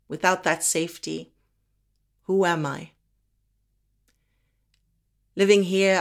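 Woman from africa doing spoken word, lowish voice, slow deliberate pauses. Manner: measured, deliberate delivery with slow emphatic pauses.

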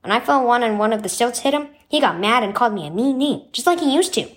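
A woman's voice: a little high, lively intonation, fast, a bit bright. A woman voicing an earnest young boy in a storybook devotional, speaking eagerly and asking questions.

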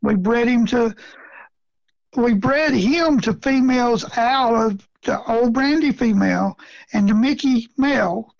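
A middle-aged man, a rabbit hunting guest, tells a folksy story in a casual interview, chuckling often and using rural grammar. His creaky voice is extremely high-pitched and measured in pace. There's no room sound, and the recording has a dull, lo-fi quality.

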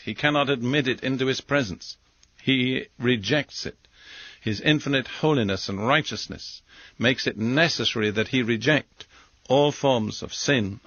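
A man of middle pitch teaches from scripture in slow, deliberate phrases. The recording is dull and lo-fi. It is close and dry with no room around it. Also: fairly bright tone, no room sound. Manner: measured, deliberate delivery in short phrases. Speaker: Bible teacher. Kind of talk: sermon.

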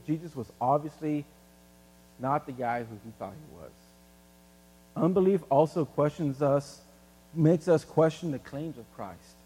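A man preaching a sermon in a casual, animated way, using everyday examples. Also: a little high, a little slow, slightly rough, big-room sound. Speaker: pastor.

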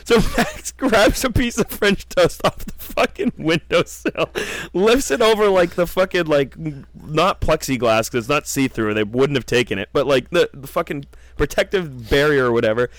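Young man, podcast co-host, casual storytelling, keeps laughing, lively swinging pitch. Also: normal speed, no room sound. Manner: laughs often, swears constantly, animated retelling.

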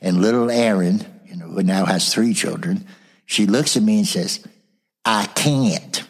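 In a casual interview, an older man tells lively stories from his years as a motivational speaker and trainer, slipping into the voices of the people in his anecdotes. His voice is low and husky, and he speaks at a moderate pace.

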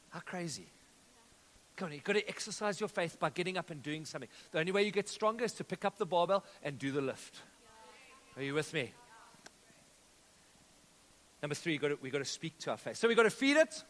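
High-voiced, bright pastor preaching. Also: male voice. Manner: energetic preaching with audience call-outs and storytelling. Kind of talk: sermon. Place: church auditorium. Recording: long reverb of a church hall.

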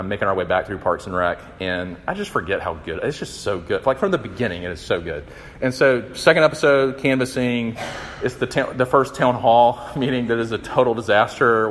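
A young man giving a conversational, animated sermon, acting out the quotes. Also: mid-range voice. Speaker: campus minister. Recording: long hall reverb.

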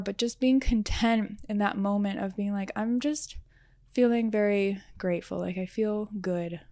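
A woman's voice: medium pitch, darkish tone, dry recording. Earnest woman podcaster, dry close sound. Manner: earnest, reflective, frequent "like" fillers. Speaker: podcast host and riding coach. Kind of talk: solo podcast monologue.

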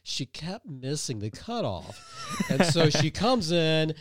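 A man's voice: on the high side, very animated, slow, slight background noise. A man co-hosting a podcast, rambling through stories in casual chat, laughing often and poking fun at himself. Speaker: podcast co-host.

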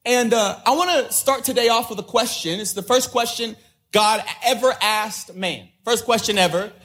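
A man's voice: very high-pitched, normal speed, a bit bright. A man preaching as a pastor, in a casual and slangy way, repeating key lines and acting out the voices he quotes. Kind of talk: sermon.

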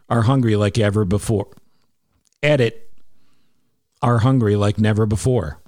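In a clean studio recording without echo, this man's lowish, darkish voice carries a chatty podcast segment. As host, he reads an ad and plugs a charity, hammering the main points again and again.

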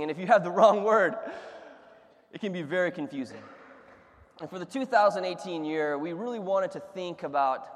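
Animated preacher with a higher voice. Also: male voice, in a large hall. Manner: animated storyteller, laughs at his own stories. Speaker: pastor. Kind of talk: sermon with humorous stories.

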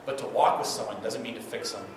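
A man gives a conversational sermon from the pulpit and keeps asking his listeners "right?". His voice is picked up from a distance, so it sounds far off. It rings through a very echoey hall over a clear layer of room noise. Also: on the low side, quick pace. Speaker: pastor.

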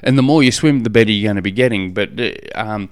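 A man's voice: on the low side, fast talker, clear, resonant tone, no room sound, studio quality. Rambling, friendly male podcast host. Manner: rambling, self-deprecating, chatty with many fillers. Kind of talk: casual solo podcast answering listener questions. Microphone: studio podcast microphone.

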